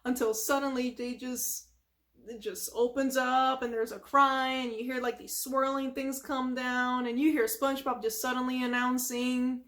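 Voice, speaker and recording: A woman's voice: sits high, little pitch movement, moderate pace, fairly bright tone. A woman hosting an ASMR channel, casually retelling a cartoon from memory in a rambling way, with lots of filler words and sound effects.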